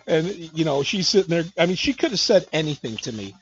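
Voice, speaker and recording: A man's voice: a little high, big pitch swings, brisk, dull audio, a little hiss or hum. A man hosting a podcast interview, chatting casually and rambling through stories with lots of fillers. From Midwest United States. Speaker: podcast host.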